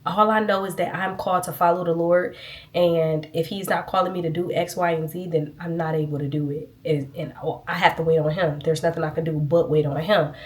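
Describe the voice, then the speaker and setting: A woman's voice: fairly low pitch, fairly even intonation, fairly quick. A woman giving a casual, earnest faith testimony to her viewers, sniffling a little as she talks. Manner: earnest, chatty, addresses viewers as y'all. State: sniffling, itchy nose. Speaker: vlogger.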